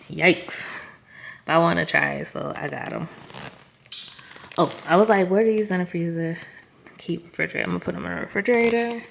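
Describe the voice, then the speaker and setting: A woman's voice: on the low side, gravelly, slight background noise. A woman vlogger casually chatting through a grocery haul, talking straight to her viewers and laughing at herself. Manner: chatty, self-amused, talks to viewers directly.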